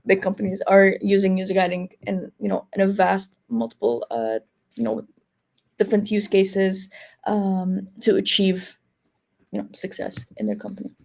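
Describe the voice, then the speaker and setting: A woman's voice: medium pitch, normal speed, gravelly, darkish tone. A woman moderating a live webinar over a video call, reading audience questions in a casual way, full of "like" and "you know". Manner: casual, filler-heavy, says 'like' and 'you know'.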